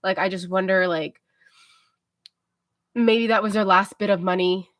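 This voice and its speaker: A tired young woman hosting a livestream, telling a rambling story in a mellow, casual way, full of fillers and talking to herself. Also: mid-range voice, fairly even intonation, a little slow, dry recording, clean studio sound. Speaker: livestream host.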